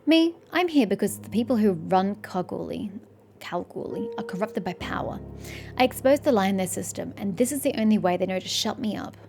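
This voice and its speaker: A woman's voice: mid-range voice, expressive, brisk, creaky, darkish tone. A woman puts on a surly, arrogant male laborer convinced he is a wasted genius. He rants indignantly, boasting and sneering. Faint game music sits under the voice. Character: surly, arrogant male bricklayer, self-pitying and ranting.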